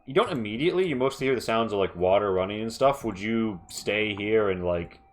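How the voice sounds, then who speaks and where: A man narrating a tabletop game as game master, hesitant and full of fillers, slowly describing scenes. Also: on the low side, lively intonation. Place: home setup, streamed live.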